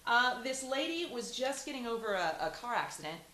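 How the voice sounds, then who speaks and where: Woman cohost telling a funny story, really animated pitch, echoey room w/ hiss. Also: brisk. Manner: lively storyteller, laughs easily. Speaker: morning show co-host. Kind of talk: casual chat.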